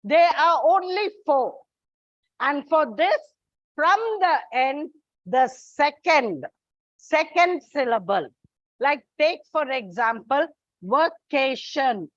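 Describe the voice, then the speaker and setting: Woman English tutor, high voice, dry dull recording, slow and deliberate drilling. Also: lively intonation, no room sound. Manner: slow, deliberate, spells out word endings and repeats words. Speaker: English teacher. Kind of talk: classroom lesson on word stress.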